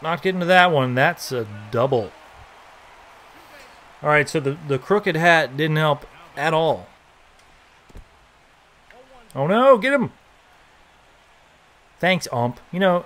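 A young man giving casual, joking commentary while playing a baseball video game, reacting loudly to big plays. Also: a little high, fairly quick, slight background noise. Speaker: gaming YouTuber.

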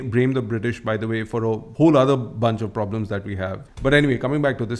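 A man's voice: medium pitch, darkish tone. A man hosting a podcast, telling a history story in a chatty, casual way with frequent restarts and asides. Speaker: podcast host.

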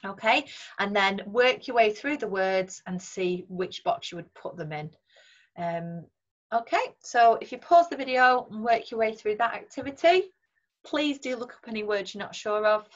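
A woman's voice: medium pitch, animated, moderate pace, highs cut off. Patient Northern English woman teacher. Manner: clear, patient explaining with frequent "um" and "right". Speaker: secondary school English teacher. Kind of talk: recorded remote lesson talk over slides.

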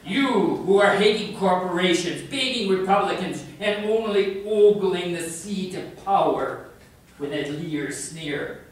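Man doing a sardonic bodiless cosmic voice, emphatic and scolding, slow, distant echo. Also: sits high. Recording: echoey room heard from far off.

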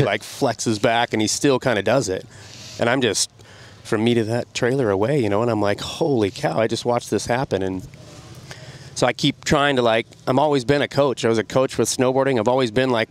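A middle-aged man, a podcast guest, telling an animated story about riding. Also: medium pitch. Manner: animated, excited storytelling with laughs. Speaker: podcast guest, snowmobile rider. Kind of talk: casual storytelling.

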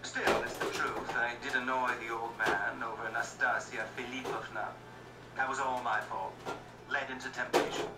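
A man's voice: medium pitch, fairly even intonation, moderate pace, natural voice. A man playing a brash, impatient young man who talks bluntly and scornfully. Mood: boastful. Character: brash young merchant's son, rough, impatient. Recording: roomy echo, distant mic, music behind.

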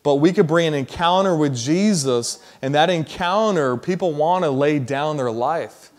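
A man preaching a sermon, telling a story in a casual, slangy way that builds to loud emphasis. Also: on the high side, normal speed.

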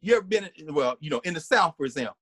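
A man giving an animated, conversational lecture as a guest. He often restarts his sentences and hums or sings short snippets to make his points. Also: on the high side, racing, husky, no echo.

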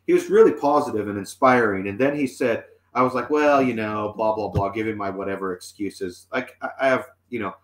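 A man's voice: on the low side, fairly quick, few pauses. A man in his forties, a musician guest telling a long story in casual chat, full of fillers and restarts. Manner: rambling, many fillers and restarts. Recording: roomy echoey sound.

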